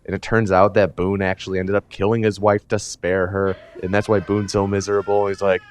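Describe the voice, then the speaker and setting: A man's voice: lowish voice, moderate pace. A man giving a rambling, comedic retelling from memory, full of fillers and casual swearing. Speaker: storyteller. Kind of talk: rambling comedic recap of a video game from memory.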